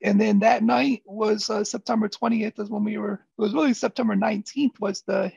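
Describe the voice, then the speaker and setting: A man from Michigan tells his story in a relaxed, rambling way, his fairly high voice heavily gravelly and husky. The recording is dry and a bit dull and lo-fi. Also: brisk, no echo. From Flint, Michigan. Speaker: podcast guest. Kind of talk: casual interview storytelling. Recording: dull lo-fi sound.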